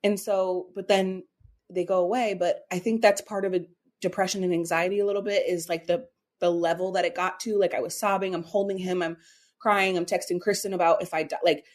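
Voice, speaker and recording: A woman in her thirties co-hosting a podcast, talking openly and haltingly about her feelings and close to tears. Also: on the low side, steady tone. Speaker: podcast co-host. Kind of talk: candid emotional podcast chat.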